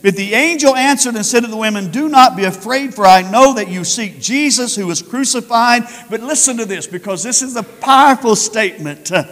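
A man preaching a fervent Sunday sermon as pastor, building to shouted, drawn-out emphasis. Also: extremely high pitch. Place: church sanctuary. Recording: long hall reverb.

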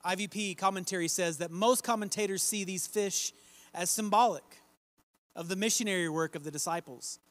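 A man preaching a sermon, reading scripture aloud and slowing down to stress key phrases. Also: high voice, fairly bright tone, dry recording.

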